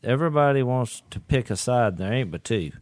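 A middle-aged man, telling a story in a folksy, animated way during casual chat. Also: mid-range voice, a little fast, no room sound, clean studio sound. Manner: folksy, animated, laughs through his stories. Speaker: podcast co-host.

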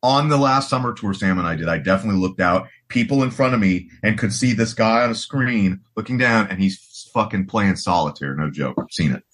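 An American man in his forties, a guest rock guitarist on a podcast, talks casually and rambles, full of "you know" and restarts. His lowish voice is expressive and fairly bright, moving a little fast with few pauses.

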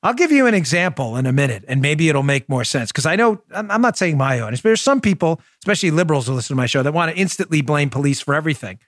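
A man in his forties with a Queens, New York accent, hosting a political commentary podcast in an emphatic, loud manner full of rhetorical questions. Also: fairly high pitch, very animated, fast talker, hardly any pauses, no echo, clean studio sound. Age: 40s. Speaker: podcast host. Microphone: studio microphone.

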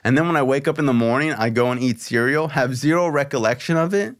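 A man's voice: mid-range voice, fast. Man: podcast host, loose storytelling. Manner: loose, expletive-laced storytelling full of "like". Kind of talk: casual storytelling chat.

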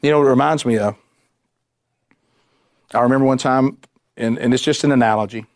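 A man's voice: mid-range voice, fairly quick, dry recording, clean studio sound. A man preaching a sermon, earnest and repetitive, firing off rhetorical questions. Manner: earnest, repeats words, fires rhetorical questions.

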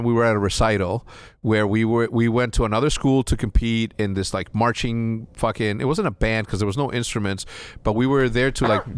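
A young man from Juárez, Mexico, appears as a podcast guest, telling a story in casual conversation with a medium-pitched voice. He rambles, restarts often, and swears a lot, and there's no room sound on the recording.

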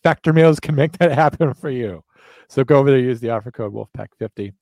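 A man's voice: medium pitch, brisk, darkish tone, no echo. Jokey man hamming up podcast ads. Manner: jokey, overplayed sales energy. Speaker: podcast co-host reading ads. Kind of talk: casual ad read in a podcast.

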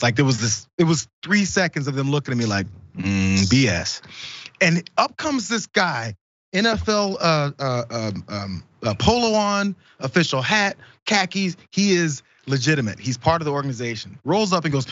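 A man's voice: mid-range voice, normal speed, dry recording, dull audio. A man co-hosting a podcast, telling a casual story and acting out the people in it. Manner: animated, acts out the people in his stories. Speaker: podcast co-host.

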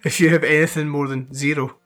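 A man's voice: fairly high pitch, flat delivery, brisk, fairly bright tone. A Scottish man co-hosting a podcast, chiming in with teasing jokes. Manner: jokey, teasing. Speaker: podcast co-host. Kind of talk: casual film-review chat.

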